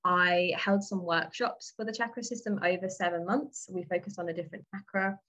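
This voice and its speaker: A woman's voice: fairly low pitch, steady tone, a little fast, fairly bright tone. A woman from England chatting casually in a podcast conversation, rambling with many restarts.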